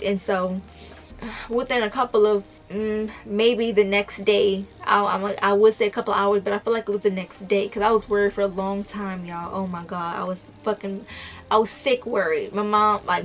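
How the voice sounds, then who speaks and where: A young woman vlogger telling a storytime video, blunt and profane, talking straight to her viewers. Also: medium pitch. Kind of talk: storytime vlog.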